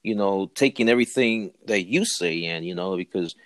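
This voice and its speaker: A man's voice: low voice, normal speed, dry recording. A man hosting a podcast, chatting in a laid-back way with lots of fillers. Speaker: podcast host. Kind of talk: casual podcast chat.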